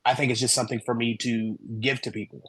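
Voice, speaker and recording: A man guest on a podcast interview, telling his story in an animated way and acting out the dialogue he quotes. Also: mid-range voice, quick pace, breathy edge, no echo, rough recording. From American Midwest. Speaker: guest, human design reader.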